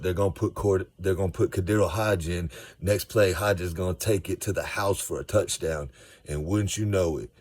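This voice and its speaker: A man from Georgia, giving a casual, animated fan recap of a football game. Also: deep voice, no room sound. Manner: animated, slangy, storytelling. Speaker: sports fan vlogger.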